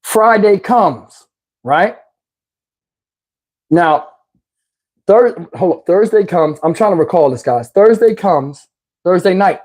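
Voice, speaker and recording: A middle-aged man casually telling a comic personal story to his viewers, animated and slangy, with frequent restarts and asides. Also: high-pitched, slow, pauses often.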